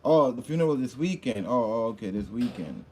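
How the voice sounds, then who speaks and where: A man hosting a loose, casual livestream at an everyday middle pitch. He calls out loud hype greetings to viewers by name, then drifts into rambling, mumbled asides while he looks through his phone. He sounds a touch hungover. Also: big pitch swings, fairly quick, a little hiss or hum. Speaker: livestream host.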